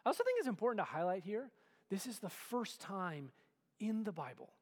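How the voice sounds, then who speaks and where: A male pastor with a notably high voice preaches in a casual, conversational way. He tosses in "right?" again and again and sometimes sinks to an intimate near whisper. His voice rings out with a long reverb, as in a big sanctuary. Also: sing-song, brisk. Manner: conversational, keeps asking "right?", drops to a near whisper at times. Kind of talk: sermon.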